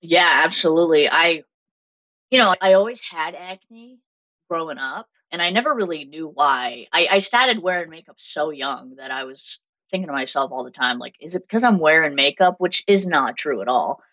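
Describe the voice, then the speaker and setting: A woman in her twenties with a Massachusetts accent, telling stories as an interview guest in an animated way with frequent laughter. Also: sits low, moderate pace, poor audio. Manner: animated storytelling, laughs often. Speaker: guest makeup artist. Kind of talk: casual interview chat.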